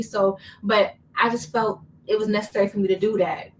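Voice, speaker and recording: A woman's voice: mid-range voice, steady tone, fairly quick, few pauses. A young woman tells a personal story in a casual, chatty vlog, repeating words for emphasis. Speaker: vlogger. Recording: slightly distant mic, faint room noise.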